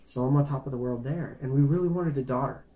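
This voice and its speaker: A man's voice: mid-range voice, quick pace, mellow. A man telling a personal life story to camera in a casual, rambling way, restarting phrases and apologizing for going off track. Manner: rambling, repeats words, apologizes for veering off. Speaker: vlogger sharing his life story.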